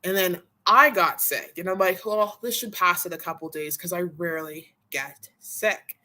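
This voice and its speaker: A woman's voice: on the low side, fairly even intonation, normal speed, sharp tone. A young adult woman chatting casually on a live stream, rambling and candid, still a bit out of breath. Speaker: vlogger.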